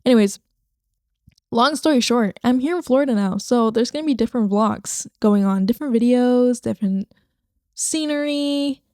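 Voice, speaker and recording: A woman's voice: a little high, normal speed, a little mellow, no room sound, clean studio sound. A young woman hosting her own podcast, rambling casually and swearing now and then into a microphone at home. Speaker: podcast host. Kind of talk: casual solo podcast chat. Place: home, recording to her computer screen.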